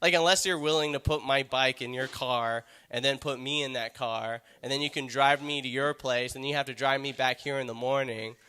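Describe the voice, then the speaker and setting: A man's voice: medium pitch, steady tone, normal speed, few pauses, sharp tone, smooth. A man doing a stand-up comedy set, rambling and self-deprecating, with lots of filler words.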